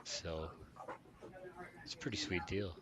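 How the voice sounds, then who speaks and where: Deep-voiced hesitant man on a stream. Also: takes it slowly, crowd noise. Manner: hesitant, trailing off, laughs easily. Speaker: stream guest. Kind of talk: casual livestream chat. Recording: noticeable background noise.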